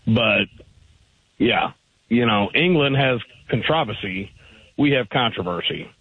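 A man's voice: medium pitch, expressive, unhurried, dry recording. A man from Missouri calling in to a radio show, arguing his point in a rambling way with fillers. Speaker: radio caller. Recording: gravelly voice over a tinny phone line.

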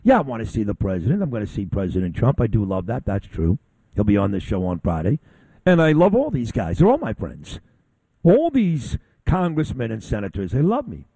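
Combative talk radio host, lively pitch. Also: male voice, fairly quick, slightly rough, dry recording. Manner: blunt, combative, insulting ranting. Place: broadcasting on location from a convention.

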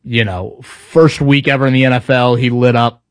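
A man's voice: medium pitch, steady tone, moderate pace, clean tone, no echo, clean studio sound. A man co-hosting a casual sports talk show, speaking conversationally with frequent fillers and restarts. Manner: conversational, stop-start with fillers. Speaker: sports radio co-host.

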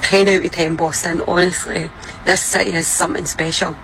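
A woman's voice: on the low side, flat delivery, brisk, fairly bright tone, low-quality recording. A woman with a Scottish accent delivering a heartfelt, grateful message. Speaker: visitor giving a message in a clip.

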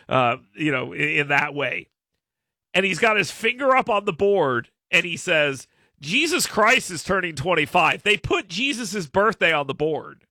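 A man's voice: a little high, bright, forceful tone, dry recording, studio quality. A man in his thirties hosting a casual talk show, telling rambling stories that make fun of himself. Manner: rambling, self-mocking storyteller. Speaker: radio show host. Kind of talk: casual chat with co-hosts.

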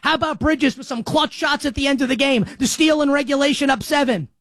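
High-voiced new guy ranting about sports on his show, super fired up, dry close sound. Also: fairly quick, dry recording, rough recording. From New York. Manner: excitable, ranting, emphatic. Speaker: sports talk show host. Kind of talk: animated sports talk monologue.

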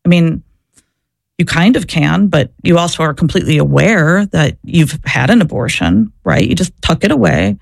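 Her voice sits low and sounds gravelly, animated, and moderately paced, with no room sound. This former abortion clinic worker, a guest in an interview, reflects openly on her own experiences, frequently restarting sentences and repeating herself as she talks.

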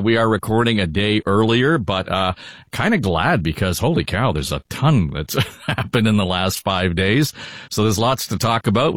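A man's voice: on the low side, a bit bright, no room sound, studio quality. An older man hosting a politics podcast in a rambling, casual way with lots of fillers. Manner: rambling, with many fillers and restarts. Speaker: podcast host. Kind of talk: casual panel chat.

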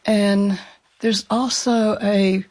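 A woman guest answering as an author, at an ordinary pitch. She speaks slowly, in a measured and thoughtful way. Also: steady tone, a little mellow, rough recording. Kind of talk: interview.

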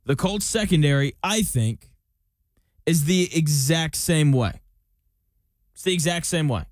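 A sports podcast host breaks down a football roster in a loose, chatty style, reading listener questions and tossing in jokey comparisons. His voice is a little high for a man, with lively intonation and an unhurried pace. The sound is dry and close-miked, with no room tone or echo.

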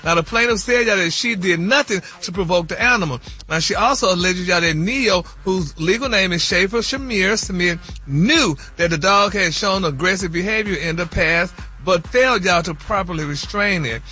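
A man's voice: sits high, normal speed, hardly any pauses, bright, forceful tone, soft background music. A man hosting celebrity news on a radio morning show, flamboyant and sing-song, saying y'all and honey a lot.

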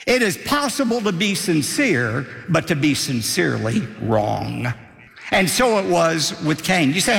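A man's voice: on the high side, big pitch swings, unhurried, creaky, fairly bright tone, slight background noise. An older man pastor delivering an emphatic sermon, lifting his voice when quoting scripture. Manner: emphatic preaching, rising for quotes. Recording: long hall reverb.

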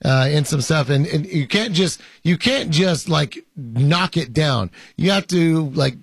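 Gravelly man hosting, dry close sound. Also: a little high, animated, measured pace, no echo. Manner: hesitant, many fillers, playful. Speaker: host. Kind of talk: casual banter, reading viewer comments.

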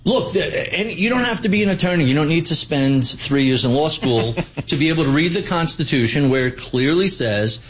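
A man's voice: a little high, expressive, normal speed, few pauses, slight background noise, low-quality recording. A man being interviewed as a financial commentator, answering in a blunt, sardonic way and reeling off figures.

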